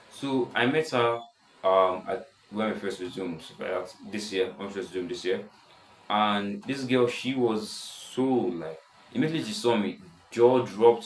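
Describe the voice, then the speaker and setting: A seventeen-year-old boy with a deep voice, rambling casually in a self-improvement vlog, full of restarts. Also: echoey room, a little hiss or hum, rough recording. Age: teens. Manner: rambling, many restarts and "stuff like that". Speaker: vlogger.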